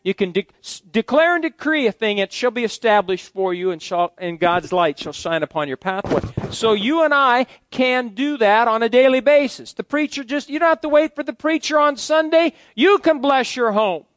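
Male pastor, middle-aged, folksy preacher, high-pitched voice, dry close mic. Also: expressive, moderate pace, hardly any pauses, a bit bright, dry recording. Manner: folksy, joking asides to the congregation. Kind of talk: sermon.

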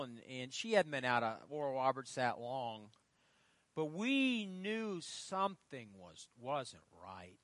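A middle-aged male pastor preaching a sermon, telling stories with loud emphatic lines and quiet asides. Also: medium pitch, very animated, slow pace, no room sound. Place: church.

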